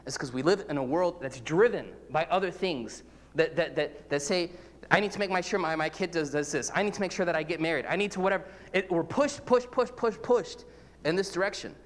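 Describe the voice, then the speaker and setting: A man's voice: fairly high pitch, big-room sound. A man, a priest, preaching an earnest, conversational sermon, full of repetitions and everyday examples.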